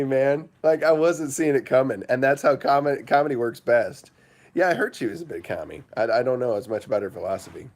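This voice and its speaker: A man's voice: medium pitch, fairly quick, darkish tone. A man hosting a casual morning livestream, rambling with lots of fillers and breaking into laughter. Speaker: livestream host.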